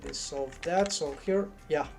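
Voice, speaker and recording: Man, unhurried, hesitant, thinking aloud at a desk mic, soft music under. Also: a little high, creaky. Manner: hesitant, muttering half-finished thoughts. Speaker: 3D artist streaming his work. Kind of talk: thinking aloud while modeling.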